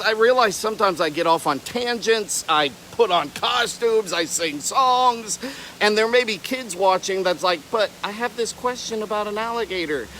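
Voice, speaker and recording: A man's voice: high voice, sharp tone, slight background noise, poor audio. A young man from Florida who keeps alligators, chatting playfully on a casual outdoor livestream and wandering off on tangents. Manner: playful, rambling, jumps between tangents. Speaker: reptile keeper livestreaming.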